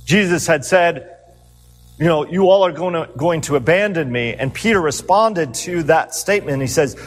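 An earnest male pastor delivers a sermon, stirring his listeners with rhetorical questions as he retells the story. His voice sits on the higher side for a man. It rings in a reverberant hall with faint music underneath. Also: moderate pace.

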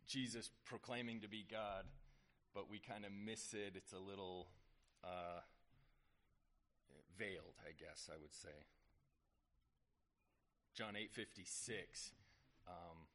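Male pastor, lower voice, casual sermon delivery with emphatic swells. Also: unhurried, pauses often, fairly bright tone.

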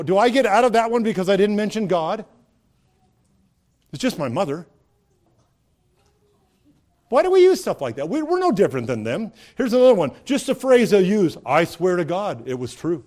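A man's voice: sits high, a little mellow. A man preaching a sermon in a conversational way, asking rhetorical questions and rising to emphatic peaks. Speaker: pastor.

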